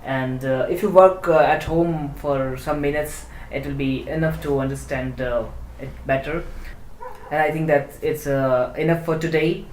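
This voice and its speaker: A teacher explaining an online language lesson slowly and deliberately, pausing often to find words. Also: mid-range voice, steady tone, darkish tone, roomy sound, slight background noise, poor audio. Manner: slow, deliberate, with frequent hesitations.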